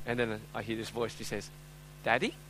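A man preaching a live sermon, moving between loud, urgent appeals and quiet, chatty storytelling full of fillers. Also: lowish voice, little pitch movement, fast, slight background noise, poor audio. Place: speaking before a live audience.

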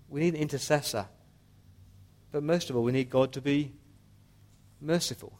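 A man's voice: fairly high pitch, moderate pace, long pauses, darkish tone. A man preaching a sermon as pastor, earnest and pleading with his listeners.

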